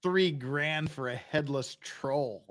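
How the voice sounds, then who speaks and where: A man's voice: a little high, slow pace, a bit bright. A tipsy man hosting a casual chat, telling crude jokes and laughing often. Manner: crude, laughing joke-teller. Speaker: livestream host.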